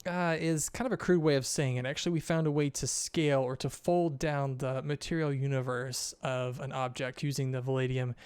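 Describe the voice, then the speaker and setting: A man's voice: mid-range voice, fairly even intonation, brisk, hardly any pauses, a little mellow, smooth, no room sound, studio quality, lightly acted. A man voicing a flustered, scattered woman scientist who rambles through technical explanations.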